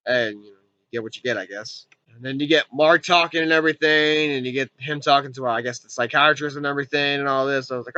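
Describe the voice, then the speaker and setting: Bright-voiced man rambling through a movie recap. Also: on the high side, animated, quick pace, no room sound, lo-fi sound. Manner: rambling, heavy on fillers like "and everything". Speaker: movie reviewer.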